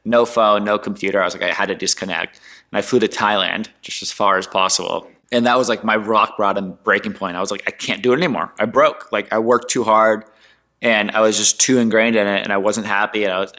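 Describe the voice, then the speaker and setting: A man in his twenties, a guest entrepreneur, telling his story in a casual interview in an animated, slangy way. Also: fairly low pitch, fairly quick. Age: 20s. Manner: animated, slangy, mimics others in quotes.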